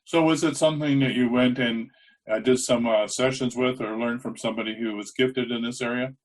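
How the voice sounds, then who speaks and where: A man's voice: medium pitch, steady tone, brisk, low-quality recording. A man hosting a casual interview show, asking long, rambling questions. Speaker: podcast host.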